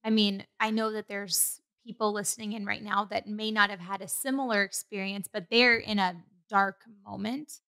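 A woman hosts a faith-centered podcast interview in a casual, affirming way. Her voice is bright and forceful, with a creaky, gravelly texture, and she encourages her guest as they talk. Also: mid-range voice, fairly even intonation, moderate pace, few pauses. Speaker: podcast host.

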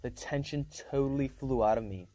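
A man's voice: mid-range voice, a little fast, warm tone. A man reading a novel aloud in a casual first-person storytelling manner, with small slips and restarts. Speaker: reader.

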